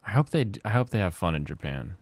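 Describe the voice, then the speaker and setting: A man with a fairly low voice hosts a laid-back chat as he plays, drifting from thought to thought. He stops and restarts often and fills his gaps with "uh" and "like". The sound is dry and close. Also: sing-song, a little mellow, breathy edge, no echo. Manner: rambling, halting with many fillers. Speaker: host. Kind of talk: casual chat while gaming.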